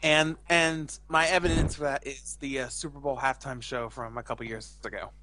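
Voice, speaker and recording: Young man, bright tense voice, dry close sound, rambling casual chat, opinionated. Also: medium pitch, steady tone, moderate pace, no room sound. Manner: rambling, filler-heavy, opinionated. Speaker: podcast co-host.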